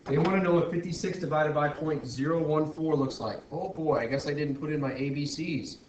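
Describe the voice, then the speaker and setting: A man's voice: a little high, brisk, a little mellow, muffled recording. A male math teacher talking through a screen-recorded lesson, working step by step with frequent restarts and self-corrections. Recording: roomy echo, faint background noise.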